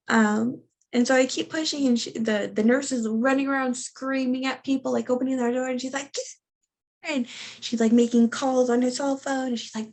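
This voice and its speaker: A woman's voice: high voice, fairly even intonation, normal speed, darkish tone. A young woman from the United States, telling a personal story casually and animatedly, with many ums and likes, acting out the voices of the people she quotes. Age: young adult. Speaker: guest sharing her birth story.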